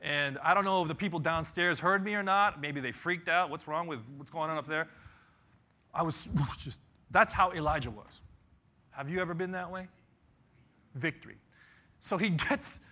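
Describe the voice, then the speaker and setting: A man delivers a sermon in an unhurried, deliberate way, his voice bright and somewhat higher than most men's. He retells a Bible story with lively storytelling, bursting into shouts and holding dramatic pauses. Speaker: pastor.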